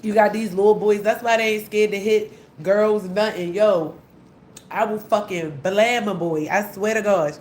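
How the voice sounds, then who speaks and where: This young woman's voice is mid-range and darkish, with fairly even intonation at a normal pace. As a vlogger, she's delivering a profanity-heavy rant that is heated, blunt, and repetitive. Her recording carries echo and a faint hum.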